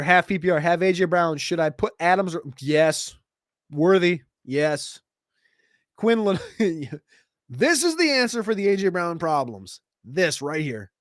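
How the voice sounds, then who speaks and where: A man hosting a casual livestream Q&A, answering viewer questions in a quick, chatty way with sudden jumps in pitch. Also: no room sound, clean studio sound. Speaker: fantasy football show host.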